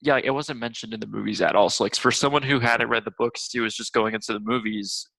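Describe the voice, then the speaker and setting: A young man hosting a casual movie review chat, rambling with lots of fillers and quick laughs. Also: medium pitch, fairly even intonation, creaky, a bit bright, dry recording, rough recording. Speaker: movie review podcast host.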